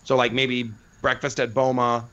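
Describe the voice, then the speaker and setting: A man's voice: medium pitch, little pitch movement, normal speed, fairly bright tone, muffled recording. A man co-hosting a podcast, chatting casually and rambling with enthusiasm. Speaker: podcast co-host.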